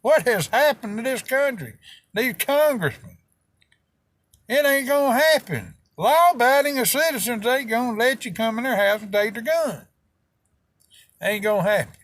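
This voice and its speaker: Heated Southern man, high voice. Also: animated, moderate pace, a bit bright, no room sound. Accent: Southern American. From American South. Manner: folksy, heated, rural Southern slang. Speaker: video host. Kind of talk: opinion rant to camera.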